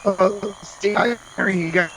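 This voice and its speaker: Guy stumbling over his words on game voice chat, kinda high voice. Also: a bit bright, slight background noise, poor audio. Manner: hesitant, stumbling, halting. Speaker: gaming friend. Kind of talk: casual voice chat.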